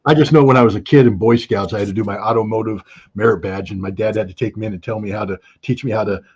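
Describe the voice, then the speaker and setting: A middle-aged American man giving heated, blunt political commentary as an interview guest, sarcastic and quick to mock others by quoting them. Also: lowish voice, steady tone, muffled recording, a little hiss or hum. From United States. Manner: blunt, sarcastic, quotes others in mocking voices.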